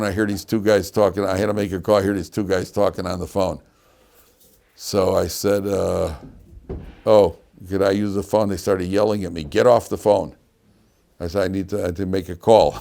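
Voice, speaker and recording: A man teaching a lively class as a rabbi, telling stories and laughing at his own anecdotes. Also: sits low, creaky. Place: yeshiva classroom.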